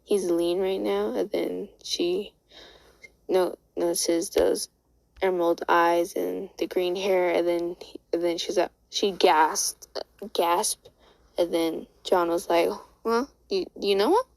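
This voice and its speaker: A woman's voice: lowish voice, little pitch movement, slow, vocal fry, a little mellow, no room sound, rough recording. A woman casually retelling a fan story aloud, rambling and stammering with many restarts. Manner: rambling, stammering, full of "and then" and "like".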